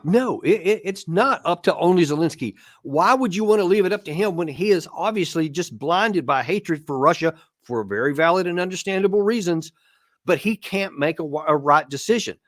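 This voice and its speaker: A man hosts a political commentary show. His voice sits a little high and sounds dry and close. He speaks emphatically and often restarts words as he drives home an argument. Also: expressive, normal speed, no room sound. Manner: emphatic, repeats words when stressing a point. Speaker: host.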